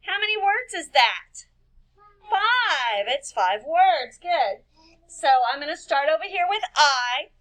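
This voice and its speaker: Woman teacher with a high voice for a children's writing lesson: patient and slow, spells words letter by letter. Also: sing-song, fairly bright tone. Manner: asks children questions and answers them herself. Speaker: kindergarten-level teacher.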